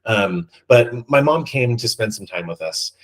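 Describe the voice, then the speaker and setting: A man's voice: mid-range voice, animated, unhurried, rough recording. A man co-hosting a podcast, chatting casually and rambling with many ums and restarts. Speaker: podcast co-host. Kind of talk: casual chat.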